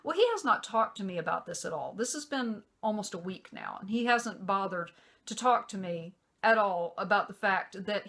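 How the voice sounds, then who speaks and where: A woman's voice: mid-range voice, fairly bright tone. Middle-aged woman, vlogger, casual storytelling, exasperated, rambling, fillers.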